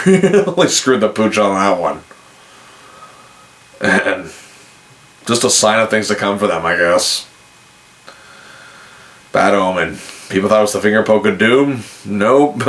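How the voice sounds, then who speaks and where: A man hosting a podcast, telling a story in a casual way and acting out both sides of a phone call. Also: fairly low pitch. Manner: animated, acts out both sides of phone calls. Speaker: podcast host.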